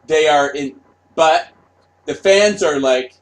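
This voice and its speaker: A middle-aged man hosting his own channel, delivering a profane, mocking rant with shouted outbursts. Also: on the high side, slow pace, long pauses. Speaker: commentary channel host. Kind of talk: ranting monologue.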